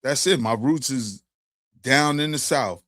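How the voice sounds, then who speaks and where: A man's voice: medium pitch, unhurried, dry recording, studio quality. A man from Brooklyn, hosting a casual discussion and telling stories with streetwise slang. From Brooklyn, New York. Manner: animated storyteller, streetwise slang.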